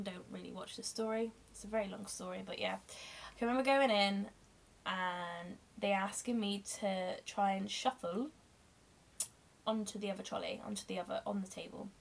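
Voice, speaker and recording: Young woman, creaky voice. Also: medium pitch, fairly even intonation, brisk. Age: young adult. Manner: candid, rambling, emotional retelling. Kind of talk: casual storytelling vlog.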